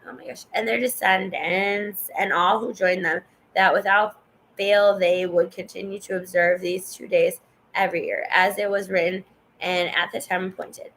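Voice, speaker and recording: Woman reading scripture with a gravelly edge. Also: medium pitch, fairly even intonation, moderate pace, a bit bright, a little hiss or hum, poor audio. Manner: stumbles over names, chatty asides to the viewer. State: coughing and yawning. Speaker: Bible reader. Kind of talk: casual scripture reading aloud.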